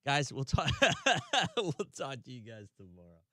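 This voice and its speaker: Chatty radio host with a Southern accent. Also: male voice, mid-range voice, huge pitch swings, unhurried, pushed and bright, no echo, clean studio sound. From Tennessee, US. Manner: loose and chatty, laughs easily, trails off. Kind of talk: casual radio chat. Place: radio studio.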